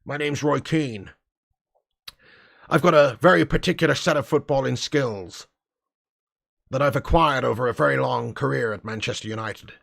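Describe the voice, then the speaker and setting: A man playing a gruff footballer delivering a slow, quietly menacing film-thriller threat. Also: mid-range voice, pitched below the performer's own voice.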